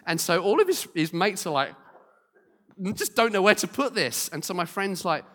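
A man preaching a sermon, telling stories lively and speaking straight to the congregation. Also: high voice, normal speed, big-room sound. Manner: lively storyteller, acting out quotes, direct to congregation. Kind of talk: storytelling sermon.

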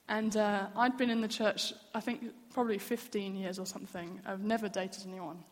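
Woman preacher, mid-pitched, candid storytelling, long church-hall reverb. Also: level tone, moderate pace. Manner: earnest, candid, personal storytelling. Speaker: church speaker. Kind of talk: sermon.

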